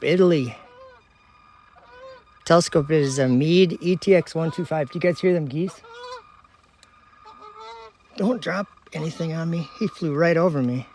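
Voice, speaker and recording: A man's voice: fairly high pitch, a little slow, long pauses. A man from Minnesota hosting a casual live stream outdoors at night, chatting with viewers, reading their comments aloud and laughing easily, recorded on a phone. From United States (Minnesota). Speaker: livestream host.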